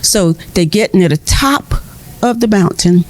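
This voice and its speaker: A woman storyteller telling a folk tale to children in a lively, expressive way. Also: medium pitch, a little slow.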